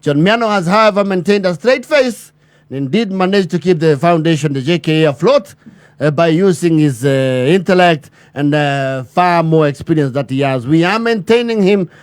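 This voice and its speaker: With a smooth, fairly high voice and no echo around him, a man parodies a grandiose chairman's formal remarks. His delivery is heavy on bureaucratic turns of phrase and long pauses.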